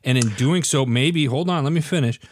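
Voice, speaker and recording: A man's voice: medium pitch, normal speed, no room sound, clean studio sound. A man co-hosting a casual chat, earnest and rambling as he argues his point. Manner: earnest, rambling, pushes back. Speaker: podcast co-host.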